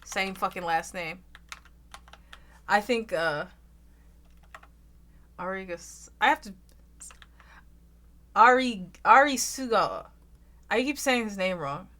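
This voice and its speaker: A young woman with an American Southern accent, chatting loudly and casually with her stream audience, rambling and swearing freely. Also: expressive, slow, pauses often. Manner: loud, rambling, swears freely, bursts into shrill laughs. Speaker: VTuber streamer.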